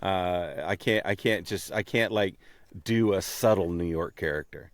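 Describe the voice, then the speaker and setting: A man co-hosts a relaxed voice-actor chat, his voice on the low side. He rambles and repeats words while finding his point. The sound is dry and close to the mic. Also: unhurried, no echo. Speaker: co-host. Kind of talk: casual interview chat.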